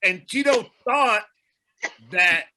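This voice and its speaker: A man with a high, strikingly bright and forceful voice tells a story on a casual podcast. He rambles, strings thoughts together with "like" and slips into acting out what other people said. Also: slow pace. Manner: animated, rambling, heavy use of "like", acts out others' lines.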